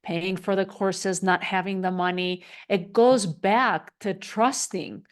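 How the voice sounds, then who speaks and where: A woman in the host's chair of an interview podcast. She puts her questions to her guest in an encouraging, supportive way, at an average pitch. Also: fairly even intonation, slow. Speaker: podcast host.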